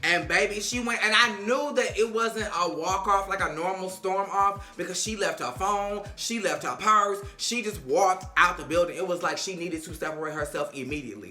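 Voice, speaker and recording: Blunt woman vlogger, bright edgy tone, echoey room, faint music, casual profane recap. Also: on the low side, normal speed, few pauses. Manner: blunt and sassy, swears freely and addresses the cast directly. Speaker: reality TV recapper.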